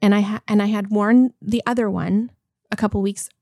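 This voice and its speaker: A woman in her forties, a podcast co-host, telling a story in a lively, laughing, casual way. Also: mid-range voice, normal speed, no echo, clean studio sound. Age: 40s. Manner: animated storytelling, laughs often. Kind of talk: casual chat.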